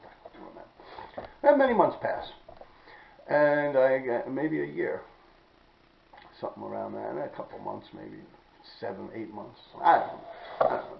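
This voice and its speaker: Gravelly New man telling stories. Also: mid-range voice, a little hiss or hum. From New York City. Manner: blunt, profane, rambling, clears throat often. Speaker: podcast host telling graffiti stories. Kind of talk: casual storytelling monologue. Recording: roomy, dull-sounding recording.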